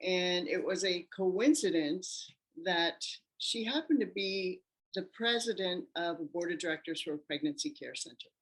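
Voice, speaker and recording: A woman guest in an interview telling her personal story in an animated way, acting out the voices of the people in it. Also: fairly low pitch, normal speed. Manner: animated, acts out quoted voices.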